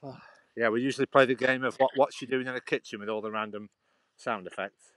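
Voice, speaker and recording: A man chats casually on a walking vlog, rambling and restarting his sentences as he goes. His voice sits at an ordinary middle pitch. The sound is dry and close, with little reverb. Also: fairly even intonation, fast, a bit bright. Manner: chatty, rambling, restarts often. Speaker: vlogger. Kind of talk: casual chat while walking. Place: outdoors in a churchyard.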